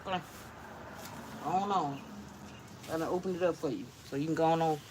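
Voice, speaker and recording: A woman's voice: low-pitched, fairly quick, a little mellow, slight background noise. A woman vlogger talking casually to her viewers, chatty and jumpy, laughing often as she frets.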